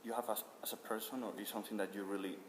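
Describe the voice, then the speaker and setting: A male interviewer puts his questions haltingly, restarting as he searches for words. His voice is on the low side. The room is roomy and echoey, with a long hall tail and faint noise underneath. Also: steady tone.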